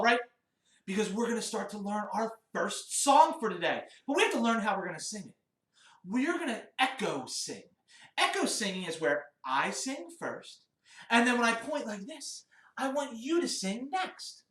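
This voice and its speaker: A man's voice: high-pitched, big pitch swings, normal speed, fairly bright tone, distant mic. A man teaching a children's music lesson, upbeat and encouraging as he talks to young kids. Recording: roomy, off-mic, guitar behind.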